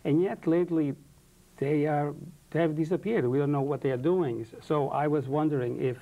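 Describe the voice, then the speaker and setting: A man hosting an interview, asking questions in hesitant, halting phrases full of fillers. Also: a little high, steady tone, narrow, tinny audio. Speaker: interview host.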